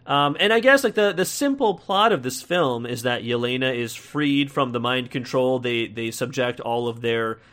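A man's voice: medium pitch, animated, normal speed, few pauses, a bit bright. Rambling American man reviewing a film. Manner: rambling, chatty, frequent fillers and restarts, wry laughs. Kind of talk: casual film review talk.

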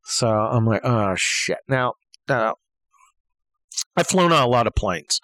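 An older man rants through a comic story with swearing and exasperation, his pitch leaping wildly between gravelly mutters and high outbursts. His voice is bright and edgy. The sound is close and dry, with no room around it. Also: lively intonation, a little slow, no echo, poor audio. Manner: profane, exasperated, swinging from low mutters to yelled outbursts. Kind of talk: comedic storytelling rant.

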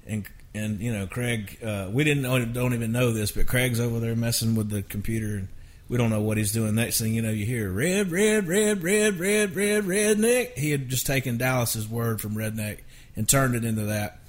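A man's voice: fairly low pitch, a little fast. Rambling middle-aged man storyteller. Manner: rambling, animated anecdotes with self-restarts. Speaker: songwriter guest. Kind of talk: casual storytelling interview.

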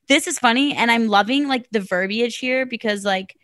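A woman's voice: on the high side, normal speed, fairly bright tone, no room sound. Chatty giggly woman podcast co-host. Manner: giggly, chatty, reads listener letters aloud. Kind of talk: casual podcast chat.

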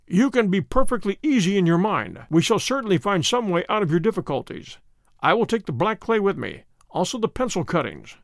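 Male reader's unhurried detective, assured, fairly high voice. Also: sing-song, no room sound, studio quality. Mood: calm authority. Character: calm, commanding male detective.

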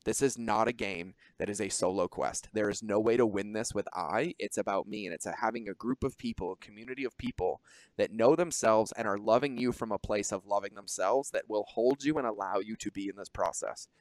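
Animated man swearing on a dry podcast mic. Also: fairly low pitch, no room sound. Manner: animated, swearing, quick asides. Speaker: podcast host. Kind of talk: casual podcast conversation.

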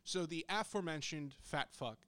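A man's voice: on the high side, normal speed, a bit bright, smooth, dry recording. A young man on a podcast telling a story in casual, blunt, profanity-laced chat, right up on the microphone. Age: young adult. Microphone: close studio microphone.

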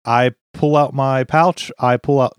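A man's voice: mid-range voice, steady tone, unhurried, clean tone, no room sound, clean studio sound. A man playing a tabletop game, talking casually and asking questions about his character's moves. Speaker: player.

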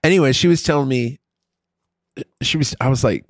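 A middle-aged man telling a story in casual chat, crude and profane with an animated, rambling delivery. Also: mid-range voice, moderate pace, pauses often, no room sound, clean studio sound.

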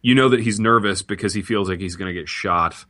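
Bright-voiced man riffing in comedy banter. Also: fairly low pitch, brisk. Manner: playful, riffing, deadpan mock-promotional. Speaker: podcast co-host.

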